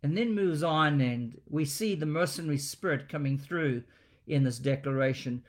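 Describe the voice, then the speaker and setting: A man preaching an expository sermon, speaking with deliberate emphasis and dramatic pauses. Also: fairly high pitch.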